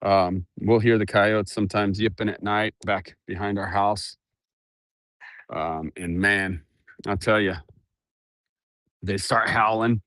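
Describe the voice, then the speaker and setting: A man's voice: lowish voice, fairly even intonation, slow pace, pauses often, a bit bright, no room sound, clean studio sound. A middle-aged man chatting casually through an earbud mic while walking around his ranch outdoors, laughing often and cooing at his dogs. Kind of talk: casual walk-around vlog.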